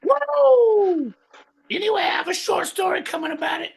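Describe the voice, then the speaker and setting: A performer voicing a brash, boastful male guest on a comedy podcast, shouting and hyped. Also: extremely high pitch, lively intonation, normal speed, vocal fry, slight background noise, heavily acted.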